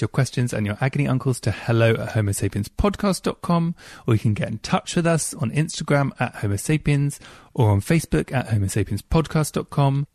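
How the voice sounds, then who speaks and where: A man's voice: medium pitch, darkish tone, no room sound. Man, chatty host, reads emails, dry close sound. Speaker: podcast host. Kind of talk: casual podcast chat.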